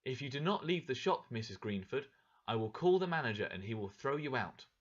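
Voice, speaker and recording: A man voicing a calm, sly young woman who talks smooth and falsely friendly in a storybook reading. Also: mid-range voice, fairly quick, highs cut off. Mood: sweetly sly.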